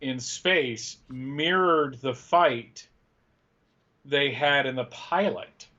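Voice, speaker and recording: A man's voice: medium pitch, drawn-out words, bright, forceful tone. A man co-hosting a live fan chat show, talking casually in an easygoing way. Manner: easygoing, laughs often. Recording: slightly dull lo-fi audio.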